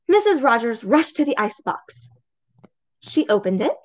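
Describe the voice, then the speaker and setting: A woman reads a picture book aloud to young children, slow and expressive. Her voice is fairly high and very lively, with close, dry sound. She keeps her tone warm and encouraging as she reads. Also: no echo, low-quality recording. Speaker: storybook reader for children.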